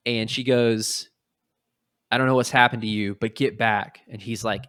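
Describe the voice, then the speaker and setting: A man's voice: medium pitch, smooth, dry recording, clean studio sound. A man hosting a podcast, casually retelling a comic story and acting out the characters' lines. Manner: animated, acts out quotes in quick little voices. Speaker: podcast host.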